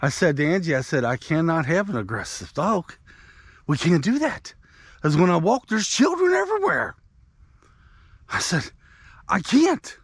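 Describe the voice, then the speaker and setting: Lively high-voiced man telling a story. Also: moderate pace, slightly rough, no room sound. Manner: rambling, conversational, talks to viewers. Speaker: vlogger. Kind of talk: casual storytelling while walking. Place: outdoors on a country walk.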